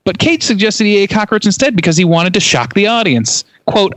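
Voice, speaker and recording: A man's voice: sits high, very animated, fairly quick, few pauses, a bit bright, dry recording. A young man in a casual podcast chat about a film, reading trivia aloud and swearing now and then. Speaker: podcast co-host. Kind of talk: casual movie-review chat.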